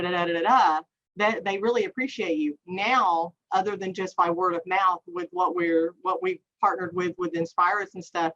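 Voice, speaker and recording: A woman's voice: on the low side, a bit bright. A woman, an HR professional talking earnestly and emotionally on a panel, rambling with many fillers. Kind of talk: candid panel talk. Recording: dull lo-fi sound.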